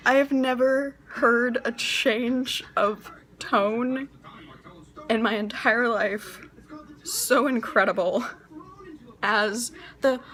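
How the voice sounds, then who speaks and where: Slow-talking giggly young woman. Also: sits high, animated, a bit bright. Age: young adult. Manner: giggly, self-mocking, rambling with frequent laughter. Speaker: storyteller. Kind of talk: casual personal storytelling.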